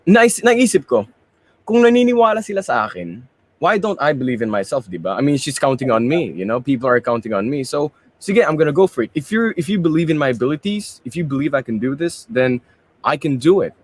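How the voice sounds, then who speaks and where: A man's voice: medium pitch, animated, fast. A young man and pageant candidate, answering interview questions in a chatty, rambling way and mixing in Tagalog phrases. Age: young adult.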